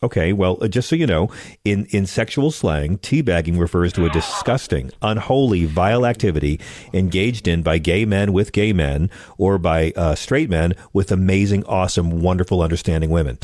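Low-voiced wry radio host. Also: male voice, normal speed, a little mellow. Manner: wry, joke-telling, builds to punchlines. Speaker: radio talk show host. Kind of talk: comedic call-in radio talk.

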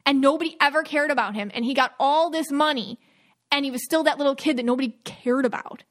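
A woman's voice: high voice, fast talker, fairly bright tone. A woman co-hosting a podcast, talking in a musing, emotional way about her intuitive impressions. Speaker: podcast co-host. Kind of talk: casual podcast chat.

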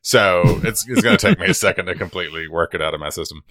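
Brief: animated podcast co-host, lowish voice, jokey and quick to mimic others. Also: male voice, no echo. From Georgia, USA. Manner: playful storyteller, slips into funny voices. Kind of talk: casual podcast chat.

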